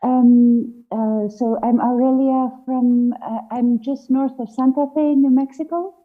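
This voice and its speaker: A woman introduces herself on a video call, rambling and giggly. Her voice is a little high, and she speaks slowly. The audio is narrow and phone-like. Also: steady tone, faint music behind.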